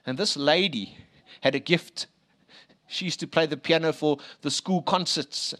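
Pastor, male, high voice, storytelling sermon with emphatic swings. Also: unhurried. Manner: storytelling with emphatic rising and hushed drops.

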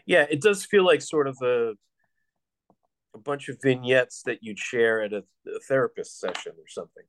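A man's voice: mid-range voice, moderate pace, fairly bright tone, no echo. A man hosting a casual film-review chat, blunt and sardonic, with some swearing. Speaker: podcast host, film reviewer.

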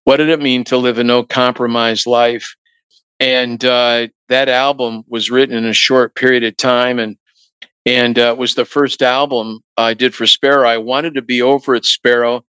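A middle-aged male musician telling anecdotes in a relaxed interview, acting out what others said to him. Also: medium pitch, moderate pace, clear, resonant tone, dry recording, poor audio. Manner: relaxed anecdotal, acts out quoted voices. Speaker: guest musician. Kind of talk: storytelling interview talk.

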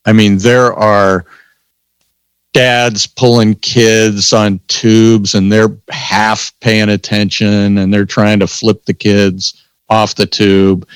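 A man telling stories in a casual chat, animated, acting out both sides of the conversations. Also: lowish voice, takes it slowly, clean tone, dry recording. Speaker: podcast host telling stories. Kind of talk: casual storytelling.

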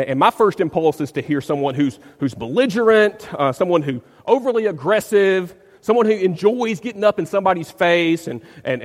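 A man's voice: a little high, long reverb tail. A man, a pastor, preaching a sermon in an emphatic way, often repeating words as he searches for the phrasing.

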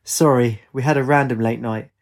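A man's voice: mid-range voice, steady tone, moderate pace, close to an everyday voice. A man voicing a wry young woman student.

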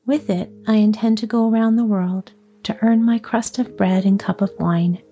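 A woman voicing a dapper, hot-tempered little old man in a storybook reading, quick to anger. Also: medium pitch, steady tone, dark tone, husky, soft background music. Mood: grumbling.

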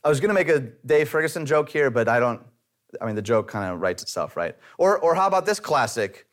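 A man's voice: medium pitch, big pitch swings, fairly quick. A man preaching a sermon in a conversational way, with light self-deprecating humor. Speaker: pastor.

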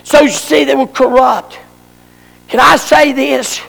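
A man preaching a fervent sermon, shouting for emphasis. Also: very high-pitched, steady tone, a little slow, creaky, in a large hall.

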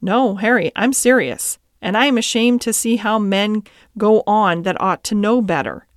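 A woman's voice: mid-range voice, dry recording, studio quality, lightly acted. A woman reading an earnest, principled cabman. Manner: earnest and measured. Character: steady, principled middle-aged cab driver and father.

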